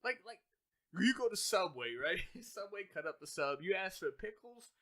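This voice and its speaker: A man rants on a casual podcast, and his voice sits high. He talks in loose, animated bursts, full of slang and swearing. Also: normal speed. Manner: animated ranting, heavy profanity, slangy. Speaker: podcast co-host. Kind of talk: casual chat.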